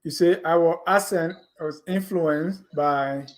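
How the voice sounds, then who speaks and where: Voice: medium pitch, takes it slowly. A host asking follow-up questions and reading a passage aloud. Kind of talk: interview hosting.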